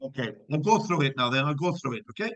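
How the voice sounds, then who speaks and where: A man's voice: medium pitch, expressive, fast, fairly bright tone, no echo, highs cut off. A man teaching physics in a live online class, checking students' answers with encouragement and working through problems step by step.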